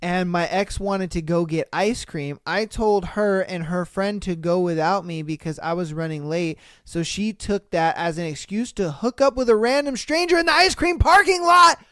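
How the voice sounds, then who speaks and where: A man's voice: high-pitched, moderate pace, few pauses, bright, forceful tone, no room sound, clean studio sound. A man hosting a podcast who reads dating stories aloud and reacts with slangy, exclamatory rants, calling his listeners bro. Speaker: podcast host. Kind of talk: casual reaction commentary.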